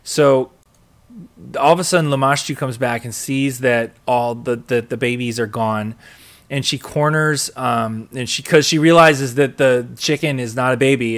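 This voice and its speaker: A man's voice: medium pitch, moderate pace. Chatty man recapping a TV episode. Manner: chatty, many fillers, excitable. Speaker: podcast host.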